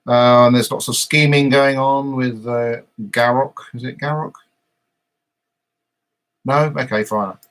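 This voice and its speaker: A man's voice: medium pitch, steady tone, unhurried, pauses often, fairly bright tone. Man meandering through a podcast recap. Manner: meandering episode recap, frequent hesitations. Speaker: podcast host. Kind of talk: casual live podcast chat.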